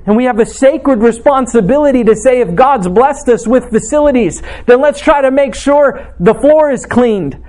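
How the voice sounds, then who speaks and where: A man with a notably high voice preaches to his congregation in a church. He delivers his sermon earnestly and with emphasis, weaving in scripture quotations. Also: moderate pace, hardly any pauses, darkish tone. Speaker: pastor.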